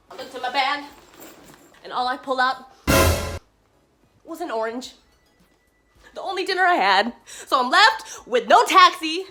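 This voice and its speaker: Animated woman vlogger with a very high, swinging voice, acts out the people in her story. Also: normal speed, pauses often, faint music behind. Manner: animated, laughing often, acts out quoted lines. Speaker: travel vlogger. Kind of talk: casual storytelling.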